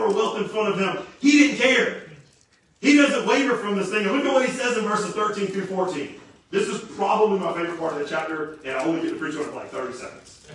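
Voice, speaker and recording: High-voiced, animated preacher, echoey room. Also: male voice. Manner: animated, slangy, with quick repeated restarts. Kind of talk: casual energetic sermon. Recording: very echoey room, distant mic.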